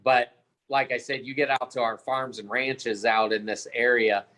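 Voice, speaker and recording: A man's voice: mid-range voice, level tone, normal speed, pushed and bright. Easygoing man chatting on a video call. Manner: easygoing, self-deprecating. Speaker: teacher. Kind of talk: casual video-call chat.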